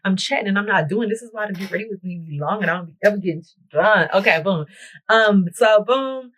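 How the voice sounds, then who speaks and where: A woman's voice: mid-range voice, fairly quick, rough recording. Dramatic young woman telling a storytime. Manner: dramatic, animated, talks straight to viewers. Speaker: beauty vlogger. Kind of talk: storytime chat while getting ready. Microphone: camera mic while doing her makeup.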